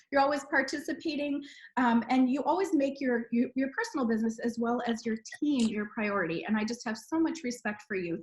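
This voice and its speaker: A woman hosting a team sales video call, gushing and encouraging. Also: a little high.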